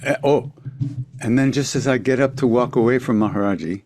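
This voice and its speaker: An older man, telling a story as a podcast guest, reflective, with quiet asides trailing off. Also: mid-range voice, brisk, dry recording, studio quality. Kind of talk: storytelling in a conversation.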